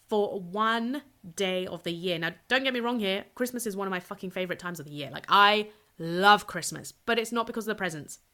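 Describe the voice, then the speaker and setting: A young woman talks straight into a solo podcast, chatty and full of energy. Her voice is bright and forward, and she swears freely without slowing down. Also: mid-range voice. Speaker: podcast host and purpose coach.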